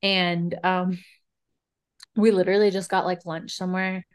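A woman's voice: on the low side, flat delivery, a little slow, smooth. A young woman with a slight Southern accent, co-hosting a podcast in casual, bubbly chat and laughing often. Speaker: podcast co-host.

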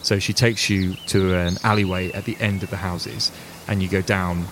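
A man narrating as game master, describing scenes casually and with plenty of fillers. His voice sits a little low. The recording has a clear, steady hiss behind it. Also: moderate pace. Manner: relaxed, conversational, with frequent fillers.

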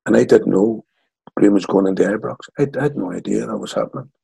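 A man in his sixties from Northern Ireland with a Northern Irish accent, telling lively stories as an interview guest. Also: fairly low pitch, quick pace, gravelly, slightly rough, dry recording, poor audio. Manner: lively yarn-spinner acting out quotes. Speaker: guest, former footballer. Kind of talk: anecdotal storytelling.

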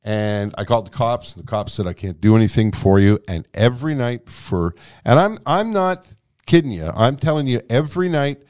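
A man telling a long anecdote as a guest in a conversation, animated and freely swearing. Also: medium pitch, normal speed. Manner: animated, profane storytelling. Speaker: guest storyteller.

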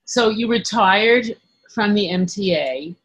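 A woman's voice: medium pitch, takes it slowly, fairly bright tone, breathy edge. A woman interviewing a guest, asking questions in an encouraging, conversational way. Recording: dull lo-fi sound.

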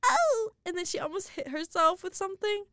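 Her voice is extremely high and fast, captured in a clean, echo-free studio. This young podcast co-host keeps things casual, spinning lively stories punctuated by frequent giggles.

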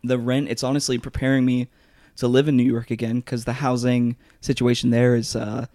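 A comedian guest chats casually on a podcast, spinning self-deprecating stories and laughing through them. His voice has a gravelly, creaky edge. The recording is dry and close, with no room sound. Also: mid-range voice, flat delivery, brisk, dark tone, no room sound. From United States. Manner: laughing, self-mocking storytelling. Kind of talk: casual chat.

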